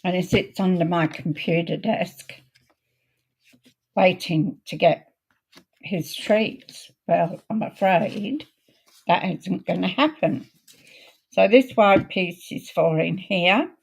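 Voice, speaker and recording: A woman hosting a card-making video, chatting in a homely way while she works, her voice a little croaky. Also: on the low side. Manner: chatty, homely, unhurried, talks while working. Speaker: craft video host. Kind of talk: casual crafting demo chat.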